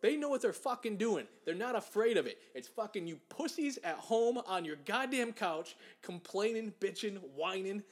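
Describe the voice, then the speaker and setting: A young man with a high-pitched voice rants about sports in a casual chat. He is angry and profane, and he mocks people in put-on voices. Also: expressive, normal speed, few pauses. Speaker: podcast co-host.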